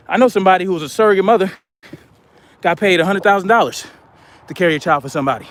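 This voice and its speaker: Fast-talking but prone to long pauses, a man with a high-sitting voice hosts a livestream. He reads viewer comments out loud and answers them casually.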